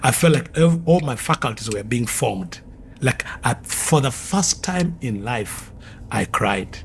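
Man, earnest testimony storytelling, mid-pitched, vivid and repetitive, faint noise behind. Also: animated, a little slow, gravelly. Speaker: former occultist giving testimony.

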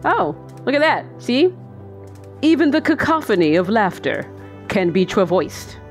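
A woman's voice: medium pitch, sing-song, measured pace, faint music behind. A woman giving let's play commentary, chatty and goofy, talking to herself as she plays. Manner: chatty, goofy, talks to herself while playing. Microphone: desk microphone.

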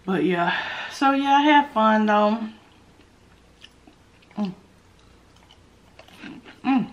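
Speaking extremely slowly yet animatedly, this food vlogger has a medium-pitched voice captured with lo-fi sound. She eats through a casual mukbang, chatting straight to her viewers as "y'all" and tossing in playful asides and hums.

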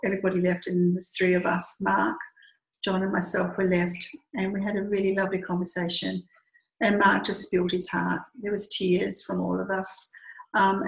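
Woman storyteller, heartfelt and conversational, mid pitch, echoey room. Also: creaky. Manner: heartfelt, lively retelling with hesitations. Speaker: storyteller recounting a pilgrimage walk. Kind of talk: personal anecdote, conversational.

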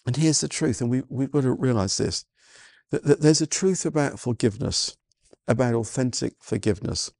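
A man's voice: medium pitch, moderate pace, creaky, darkish tone, no room sound. A man preaching a sermon, earnest and full of stammered restarts and "you know" fillers. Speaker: pastor.

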